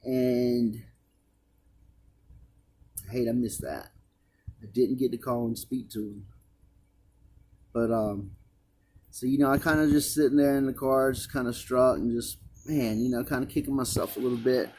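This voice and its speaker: A man's voice: mid-range voice, measured pace, pauses often, darkish tone, a little hiss or hum. A man earnestly recounting a personal religious experience, rambling and repeating himself as he talks. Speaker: vlogger. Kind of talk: emotional personal testimony.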